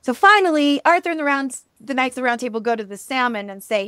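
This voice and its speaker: A chatty woman co-host tells a myth in a loose, animated way, filling her speech with ums and likes. Her voice sits fairly high, and the sound is close and dry with no room. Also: quick pace, clean tone, dry recording. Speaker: podcast co-host. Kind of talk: casual storytelling chat.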